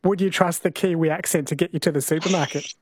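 A man hosting a radio segment, asking brisk conversational questions. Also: on the high side, fairly even intonation, slightly rough, dry recording, clean studio sound. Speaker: radio host. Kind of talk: radio interview.

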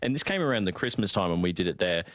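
Aussie country guy cohosting, lively rambling chat, kinda low voice, dry close mic. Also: rapid-fire, dry recording. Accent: rural Australian. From Australia. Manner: animated storyteller, chatty with many fillers. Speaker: show co-host. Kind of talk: casual chat.

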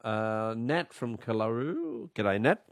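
A man's voice: medium pitch, very animated, slow pace, gravelly. Snuffly radio quiz host, man. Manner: chatty and jovial, laughs often. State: stuffy, snuffly voice.

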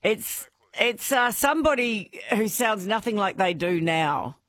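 A woman's voice: medium pitch, expressive, unhurried, fairly bright tone. Casting: woman radio host, chatty and giggly, mid-range voice. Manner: bubbly, laughs often. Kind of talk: casual radio chat.

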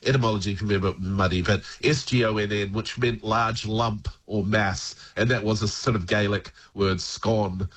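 A man's voice: lowish voice, steady tone, moderate pace, few pauses, a bit bright, husky. A man talking casually as a language expert guest on a radio show, chatty and laughing. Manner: chatty, laughing, frequent restarts.

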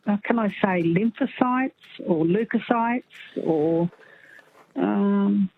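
A woman's voice: mid-range voice, slow pace. A woman calls in to a radio quiz over a tinny phone line with a faint hiss behind her. She rambles in a chatty way and thinks aloud as she goes. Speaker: caller. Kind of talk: phone-in chat.

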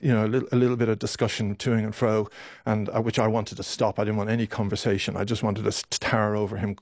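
A man, a doctor recounting a hard memory in a halting way, his voice strained with emotion. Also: on the low side, level tone, a little mellow, no echo, clean studio sound. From Ireland. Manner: halting, with many restarts and apologies. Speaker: doctor, interview guest. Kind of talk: emotional personal recollection.

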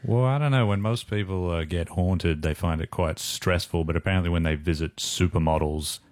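A man's voice: low-pitched, fairly even intonation, normal speed, no echo, studio quality. A man co-hosting a casual radio chat, wry and laid-back. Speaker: radio co-host.

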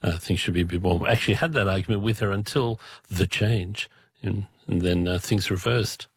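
A man's voice: low voice, fairly quick, breathy edge, no room sound, studio quality. A man from Mauritius, a regular music guest on radio, chatting in a hesitant, wry way. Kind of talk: casual radio chat.

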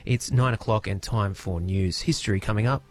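A man's voice: lowish voice, moderate pace. An Australian man hosting live morning radio, asking conversational, probing questions of a guest. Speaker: radio host.

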